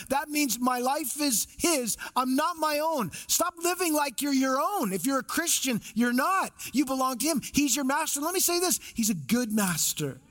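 A high-voiced, slightly bright pastor preaches a sermon emphatically, repeating phrases and asking rhetorical questions.

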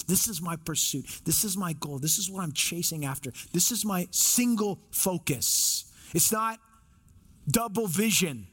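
A man with a high voice delivers a sermon as a pastor. He preaches with emphasis, repeating phrases and asking rhetorical questions. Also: lively intonation, unhurried, a bit bright, husky.

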